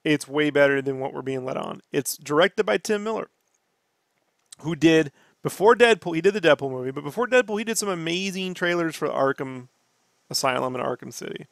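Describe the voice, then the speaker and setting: A man hosting a casual podcast, ranting and swearing in an animated way. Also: fairly high pitch, fairly quick, gravelly, no echo, studio quality. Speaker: podcast host.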